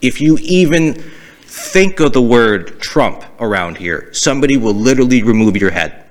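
A man's voice: mid-range voice, moderate pace. Chatty male podcast host. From Massachusetts. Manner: animated storytelling, mimics accents. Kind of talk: casual podcast chat.

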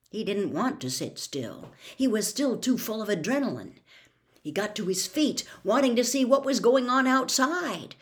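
Expressive woman reading a novel aloud. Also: fairly low pitch. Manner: expressive, dramatic. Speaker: storyteller.

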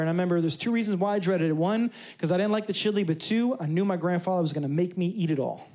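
A man with a high voice preaches to a church congregation. He is a pastor from New York who keeps it conversational and humorous, with asides to the crowd. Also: fast talker, dark tone. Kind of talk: sermon. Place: church service.

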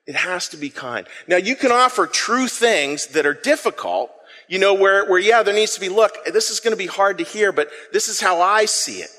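A man preaching an interactive sermon, with a slightly high voice. He is playful and self-deprecating as he calls on the congregation to repeat words after him. His voice rings out in the long reverb of a church sanctuary. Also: lively intonation, normal speed, sharp tone. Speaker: pastor. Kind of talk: interactive sermon with audience call-and-response.

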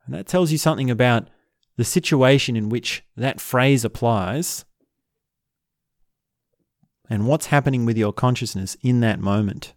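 A man teaching in a slow, reflective way, often repeating short example phrases. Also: medium pitch, no echo, clean studio sound. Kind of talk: spoken teaching talk.

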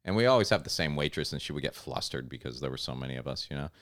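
A man co-hosting a podcast, telling a story in a casual, animated way and acting out the voices of the people in it. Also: a bass voice, racing, dry recording, studio quality. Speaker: podcast co-host and stand-up comedian.

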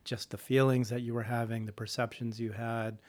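A woman's voice: very deep voice, flat delivery, fairly quick, darkish tone. A woman interviewer asking open questions and affirming her guest in a casual conversation. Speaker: interviewer, host.

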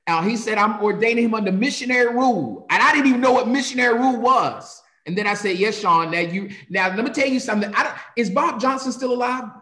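This pastor from North Carolina talks in a high, ringing voice and tells stories with a preacher's rhythm. He sounds like he's in a roomy space with a lot of echo. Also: fast talker, few pauses. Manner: animated storyteller, shifts into sermon cadence. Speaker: pastor, guest. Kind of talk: conversational interview, preacherly.

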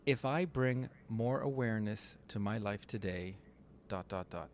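A man co-hosting a casual podcast, thoughtfully explaining ideas step by step with small pauses and fillers. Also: on the low side, darkish tone, slight background noise. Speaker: podcast co-host.

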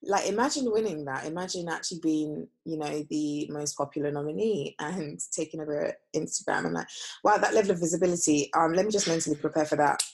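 A young woman co-hosts a podcast in relaxed, casual conversation. Her voice has a husky, breathy edge, and she speaks softly and easily, with frequent giggles. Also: low-pitched, brisk. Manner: giggly, easygoing, soft-spoken. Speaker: podcast co-host. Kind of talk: casual chat.

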